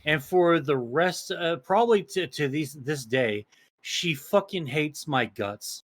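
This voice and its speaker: A young man with a slightly high voice chats on a podcast. He tells long stories full of swearing, restarts and fillers, and he keeps circling back to his point. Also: lively intonation, slow pace, fairly bright tone. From small town. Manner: profane, rambling storytelling with many restarts. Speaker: podcast co-host. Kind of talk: casual podcast chat.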